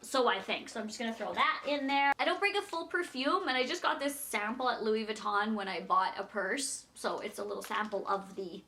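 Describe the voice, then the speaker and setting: A young woman talks to her viewers in a loose, rambling vlog chat, often breaking into giggles. Her voice is bright and a touch high, and a faint hiss sits under the recording. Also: brisk, hardly any pauses. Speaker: vlogger. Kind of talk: casual chatty packing vlog.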